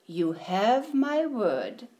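A woman voicing a small, polite male mouse in a storybook read-aloud, soft-spoken and apologetic. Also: mid-range voice, big pitch swings, drawn-out words. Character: small polite grey male mouse, meek but persistent.

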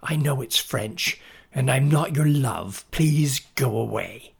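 A man's voice: medium pitch, takes it slowly, gravelly, breathy edge, heavily acted. A man voicing an annoyed, stubborn young schoolgirl in a spoken storybook.

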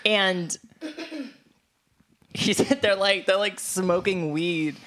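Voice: mid-range voice, fairly even intonation, very slow, a bit bright. A podcast co-host in casual chat, eagerly retelling comedy scenes in a rambling way full of "like" and frequent laughter. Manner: laughs often while talking.

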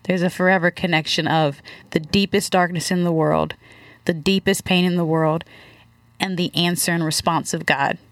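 A woman giving a reflective faith testimony, searching for words with many halting restarts. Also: on the low side, fairly even intonation, dry recording. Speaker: guest.

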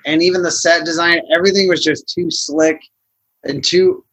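A man's voice: on the high side, steady tone, normal speed, fairly bright tone, breathy edge, rough recording. A man co-hosting a casual movie review podcast, rambling with lots of fillers and some swearing. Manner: rambling, many likes, swears. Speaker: podcast co-host.

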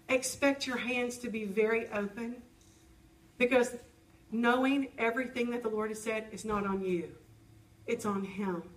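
A woman's voice: a little high, far from the mic, low-quality recording. A woman preaching a sermon in an earnest, personal way, acting out her own prayers as she speaks.

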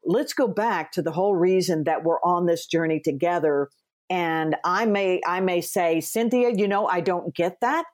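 A woman hosting an interview, an author who tells lively stories, acts out quoted dialogue and speaks earnestly from her faith. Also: fairly low pitch, moderate pace. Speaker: podcast host and author. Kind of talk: conversational interview.

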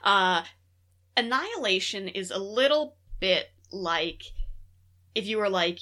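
A young adult woman co-hosting a podcast in casual chat, joking and swearing with deadpan boasts. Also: medium pitch, takes it slowly. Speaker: podcast co-host.

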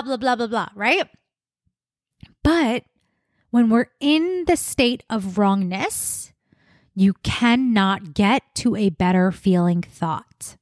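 A young adult woman hosts a solo wellness podcast in a bright, conversational tone, leaning on repetition to make her points. Her voice sits a little high. The sound is close and dry, with no room around it. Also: no echo. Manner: upbeat, conversational, repeats words for emphasis. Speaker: podcast host, wellness coach.

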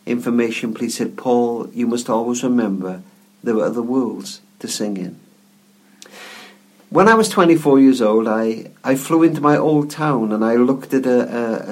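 Speaking at a moderate pace in a mid-range voice, a man who is a guest author and speaker recounts a story during an interview. His manner is gentle and reflective, and he frequently repeats words along the way.

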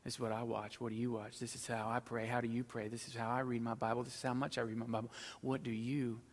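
A middle-aged man preaching a sermon as pastor, swinging between loud emphatic stretches and low, quiet asides. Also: level tone, fast talker, in a large hall.

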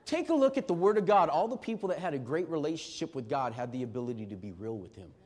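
A middle-aged man preaching a sermon as pastor, emphatic and swinging from shouting to hushed tones. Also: a little high, lively intonation, fast.

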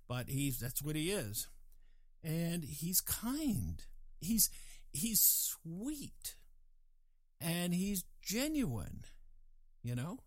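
A man musing in a casual monologue, digressive and animated, with chuckling asides. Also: a little high, no room sound.

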